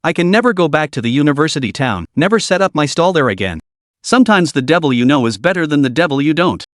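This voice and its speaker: A man's voice: fairly high pitch, big pitch swings, fast, a bit bright, dry recording, studio quality. A man voicing a young man who is a blunt, bitter street vendor, reading him in a storybook recap. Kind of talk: storybook narration.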